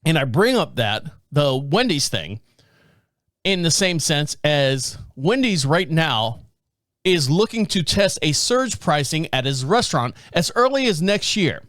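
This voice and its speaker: Man, podcast host, high voice, dry close mic, rambling casual news talk. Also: sing-song, measured pace, fairly bright tone, no room sound. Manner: rambling, stumbles over names and words.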